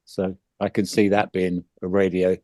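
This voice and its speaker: A man on a review panel gives easygoing, upbeat verdicts. His voice is fairly low, and the sound is dry. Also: completely flat delivery, moderate pace, darkish tone, dry recording. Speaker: panel judge, record producer.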